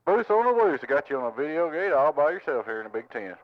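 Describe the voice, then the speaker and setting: A man from Tennessee talks fast over a CB microphone, greeting each station by its numbers in a friendly way. His voice is recorded up close, with a dry, slightly muffled sound. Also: fairly high pitch, big pitch swings, dry recording. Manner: friendly, repeats call signs and greetings in a drawl. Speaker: CB radio operator recording the channel. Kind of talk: casual CB radio chatter. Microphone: handheld radio microphone at home.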